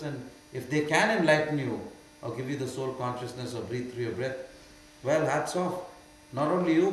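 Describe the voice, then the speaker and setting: An older man with an Indian accent gives a spiritual Q&A talk, emphatic and often mocking. His voice sits at a middle pitch. It rings through a very echoey hall over a faint mains hum. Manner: emphatic, swings from quiet to loud and mocking. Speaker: spiritual teacher.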